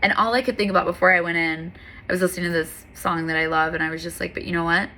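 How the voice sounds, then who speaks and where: A woman's voice: lowish voice, steady tone, quick pace, pushed and bright. A woman who teaches yoga, talking candidly and earnestly in a casual motivational monologue. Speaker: yoga and fitness instructor.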